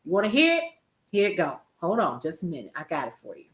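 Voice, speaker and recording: A woman's voice: lowish voice, huge pitch swings, fast, echoey room. An older woman, a grandmother, hosting a casual news commentary stream, chatty and laughing often as she talks to her viewers. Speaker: host.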